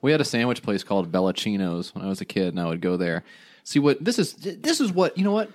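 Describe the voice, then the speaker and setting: A man's voice: lowish voice, sing-song, quick pace. A man co-hosting a comedy podcast, casual and teasing, riffing on jokes with his friend. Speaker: podcast co-host.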